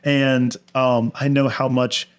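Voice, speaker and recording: A man chatting as an interview guest, telling personal stories with an animated delivery. He slips into other people's voices, pitching up high when he quotes them. His voice sits at an ordinary middle pitch. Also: slow, clear, resonant tone. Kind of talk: candid storytelling conversation.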